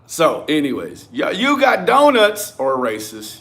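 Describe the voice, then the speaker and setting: A young man rants through a livestream, his voice sitting a little high for a man. He is confrontational and profane, snapping at commenters by name between his points. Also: wildly swooping pitch, a little slow, creaky, sharp tone, slight background noise. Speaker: livestream host.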